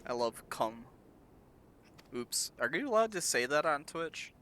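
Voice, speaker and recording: A man's voice: fairly high pitch, big pitch swings, a little slow, bright, forceful tone, slight background noise. A young man musing aloud as he streams a game and reads its dialogue. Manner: chatty, musing aloud between read dialogue. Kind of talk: casual game-stream commentary.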